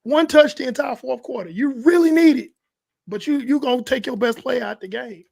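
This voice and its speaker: A man co-hosting a sports podcast, talking casually and acting out what players might say in quick changing voices. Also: extremely high pitch, creaky, breathy edge. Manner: animated, acts out quotes in shifting voices. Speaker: podcast co-host.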